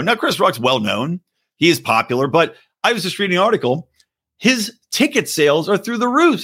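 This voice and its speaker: A man's voice: high-pitched, pushed and bright, breathy edge. A man hosting a podcast, delivering a profane, mocking opinion rant. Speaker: podcast host. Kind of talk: opinionated commentary.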